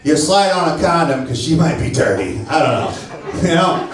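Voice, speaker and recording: A brash, foul-mouthed stand-up man works the crowd with a slightly high voice. He sounds set back from the mic in a very echoey club. A laughing audience fills the room behind him. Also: sing-song, normal speed, distant mic. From St. Louis, Missouri. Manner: brash, profane, teasing the audience. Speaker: stand-up comedian. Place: comedy club stage before a laughing crowd. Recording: echoey club recording, mic heard from afar.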